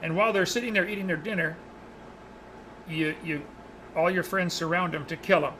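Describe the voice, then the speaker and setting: A man leading a Bible study, telling a story in a lively, animated way. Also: high voice, moderate pace, a little hiss or hum, rough recording. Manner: animated, acts out the characters' lines in his retelling.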